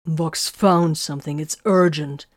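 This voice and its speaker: Woman reading a male sergeant, calm, matter-of-fact, lowish voice, audiobook. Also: a little slow, no room sound, studio quality. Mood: steady. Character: steady, dutiful male sergeant. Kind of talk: audiobook character voicing.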